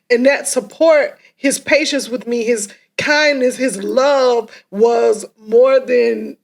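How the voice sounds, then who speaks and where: A woman co-hosting a relationship podcast, telling an emotional personal story in a halting, heartfelt way, close to tears. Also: high voice. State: tearful. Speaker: podcast co-host.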